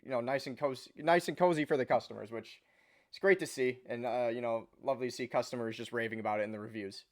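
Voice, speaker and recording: A man hosting a podcast, asking questions in relaxed casual chat with many filler phrases. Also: medium pitch, fast. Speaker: podcast host.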